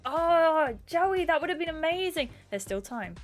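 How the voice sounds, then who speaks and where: A woman's voice: extremely high pitch, lively intonation, measured pace, few pauses, soft background music. A woman live-streaming a dating game, chatting to viewers and reading the game text aloud. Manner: chatty, reacts and asks viewers questions. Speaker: gaming streamer.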